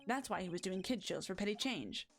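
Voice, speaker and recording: An earnest young male defense lawyer presses his questions plainly and steadily, read by a woman close to her normal voice. The pitch sits in the middle. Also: animated, a little fast, faint music behind, close to an everyday voice.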